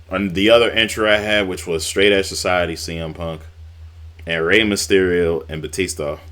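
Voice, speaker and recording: Low-voiced man, casual rambling wrestling recap, fillers and swearing. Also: fairly bright tone. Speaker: wrestling YouTuber.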